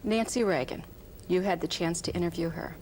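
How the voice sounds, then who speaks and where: A woman's voice: on the low side, a little fast, a little mellow, a little hiss or hum. A woman hosting a broadcast interview and prompting her guest with conversational questions.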